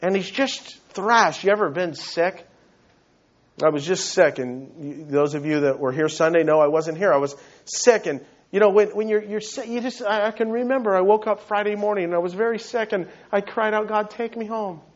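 A man's voice: high-pitched, steady tone, moderate pace. A male pastor preaching a sermon, earnest and emphatic, often repeating words as he builds his point, on a dull, lo-fi recording.

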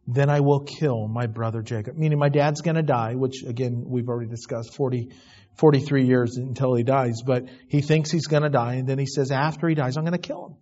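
A man's voice: mid-range voice, dark tone, highs cut off. A man preaching a sermon, reading scripture aloud and then commenting in plain asides. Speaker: pastor. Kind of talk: expository sermon.

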